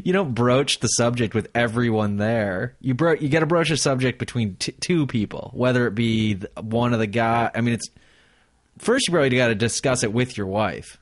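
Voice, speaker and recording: A man's voice: medium pitch, normal speed, no room sound, studio quality. A man co-hosting a podcast, joking crudely and laughing through casual banter. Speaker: podcast co-host.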